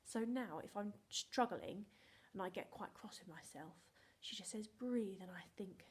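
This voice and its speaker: A woman's voice: mid-range voice, normal speed, reverberant. A young woman teaching phonics to young children, playful and encouraging, often dropping into whispers. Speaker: reception class teacher.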